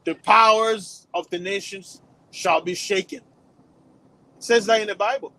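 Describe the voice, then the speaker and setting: A man's voice: high-pitched, a little slow, sharp tone, dry recording, poor audio. A man delivering a preachy religious warning monologue to his channel, repeating himself and rising to emphatic peaks. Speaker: channel host.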